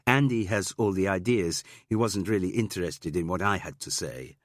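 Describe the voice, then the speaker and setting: A man's voice: low voice, moderate pace, no echo, studio quality, lightly acted. A man voicing an offhand young woman student with a slight Spanish accent, talking casually with lots of "like".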